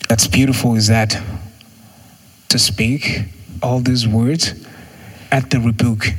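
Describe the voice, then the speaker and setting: A man delivers a sermon in a relaxed, chatty way. His voice has a husky, slightly breathy grain. He keeps leaping into higher, livelier tones to act out little exchanges between people. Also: takes it slowly. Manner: conversational, acts out quotes with jumps in pitch. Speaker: preacher.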